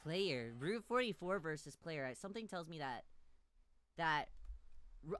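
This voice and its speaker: A woman streamer reading a visual novel aloud in first person. She breaks into loud shrieks and repeated cries, and she swears and jokes casually between lines. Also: deep voice, expressive, unhurried, long pauses, no echo, studio quality.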